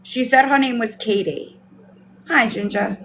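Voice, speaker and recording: A woman livestream host rants in outrage and disbelief, swearing often and repeating herself as she responds to her chat. Her voice is on the high side, unhurried and fairly bright, with a little hiss or hum in the audio.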